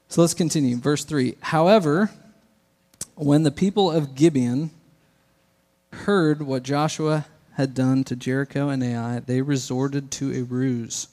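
A pastor giving a casual, good-humored sermon and reading scripture aloud. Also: male voice, mid-range voice, warm tone, in a large hall.

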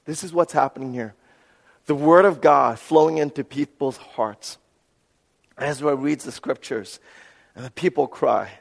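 A man preaching a sermon, telling a personal story in an earnest, animated way and often checking in with "right?". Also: mid-range voice, vocal fry. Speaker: pastor. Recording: reverberant hall.

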